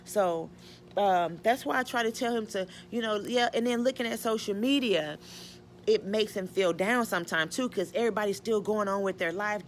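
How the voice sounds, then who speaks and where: A middle-aged woman from the American South, a mother answering viewer questions in an emotional, halting casual talk full of restarts and "you know". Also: medium pitch, a little hiss or hum. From Georgia, US Southern. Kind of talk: casual Q&A chat.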